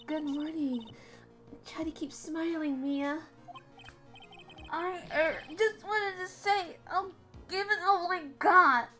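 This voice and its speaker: A woman's voice: very high-pitched, steady tone, slow, pauses often, pushed and bright, soft background music, voice pushed up, exaggerated voice. A woman voicing a sick, nervous young man on trial, talking with forced cheer between coughs.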